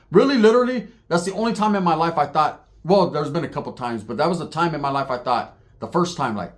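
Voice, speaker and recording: Quick and animated, this man's somewhat high voice carries street stories he tells on his own channel. He keeps it casual, swears freely, leans on slang, and laughs while acting out the voices of the people in each tale.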